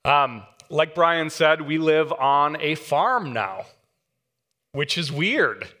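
A man preaching a sermon, an animated storyteller who acts out the voices in his anecdotes. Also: on the high side, slow. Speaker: guest pastor. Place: church sanctuary. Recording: long church hall reverb.

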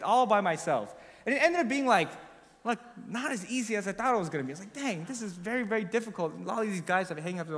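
A man's voice: fairly high pitch, a bit bright, big-room sound. A young man preaching, telling a personal story in a casual, confessional way with lots of filler words.

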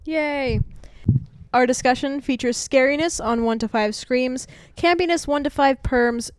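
Giggly higher-voiced woman podcast host. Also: a little slow, clean tone, dry recording. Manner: giggly, playful. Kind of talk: casual chat.

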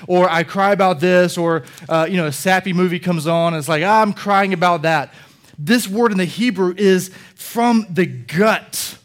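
A man preaching a sermon, reading scripture and rising into animated, passionate delivery. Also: high voice. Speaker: pastor.

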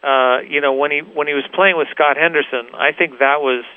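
Man, guitarist guest, rambling casual chat, smooth resonant voice, narrow phone sound. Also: on the high side, fairly even intonation, brisk, no echo. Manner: rambling, frequent "you know" and restarts. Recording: tinny phone line.

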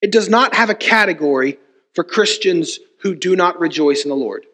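A man's voice: sits high, animated, normal speed, sharp tone, breathy edge. A man preaching a sermon as pastor, emphatic and full of rhetorical repetition. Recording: long reverb of a church hall.

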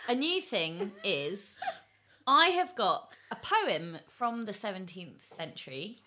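A woman hosting a casual chat, cheerful and quick to laugh. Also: mid-range voice, very animated, sharp tone, slight background noise.

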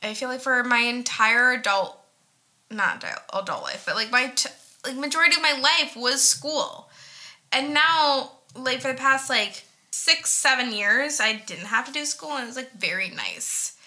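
A woman in her twenties chatting casually as a podcast co-host, animated and self-mocking, full of fillers and swearing. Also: sits high, moderate pace. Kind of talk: casual chat.

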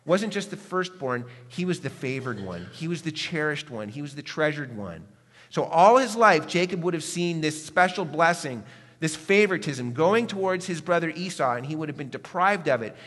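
A man preaching a sermon in earnest tones, rising to emphatic peaks and dropping to hushed asides. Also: a little high, breathy edge. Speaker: pastor. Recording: echoey hall.

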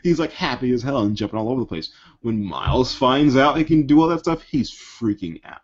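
A man's voice: mid-range voice, lively intonation, fairly quick, slightly rough. A man, an actor and writer, chatting casually on a podcast and acting out comic scenes with many fillers. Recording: muffled lo-fi podcast audio.

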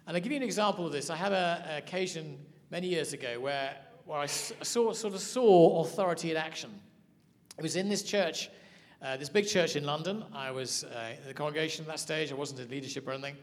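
A man teaching a sermon, telling stories in an animated way. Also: fairly high pitch, quick pace. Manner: storytelling, animated. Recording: hall reverb.

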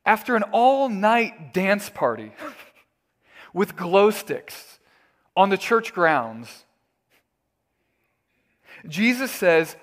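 Male pastor, sermon, emphatic, slightly high voice. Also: very animated, very slow, long pauses, a bit bright. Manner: earnest, emphatic, storytelling.

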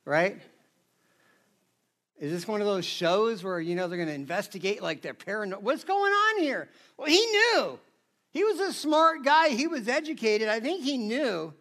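A man's voice: high voice, expressive, normal speed, fairly bright tone. A man preaching a casual, conversational sermon, chatty and always asking his listeners "right?". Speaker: pastor.

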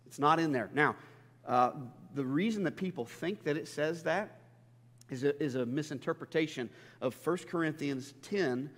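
A man's voice: a little high, normal speed. A male pastor preaching a sermon in a church, talking conversationally and building to emphatic peaks. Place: church sanctuary. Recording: long hall reverb.

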